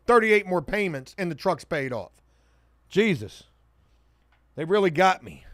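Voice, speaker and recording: High-voiced joking male livestreamer. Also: dry recording, studio quality. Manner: joking, swings between loud hype and muttered asides. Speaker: livestream host. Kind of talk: casual livestream chat reading comments.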